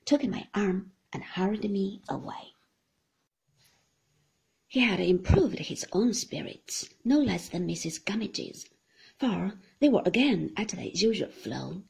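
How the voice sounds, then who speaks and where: A woman narrating a classic novel in a measured, expressive storytelling manner. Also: mid-range voice, creaky, slightly rough, poor audio. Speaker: audiobook reader.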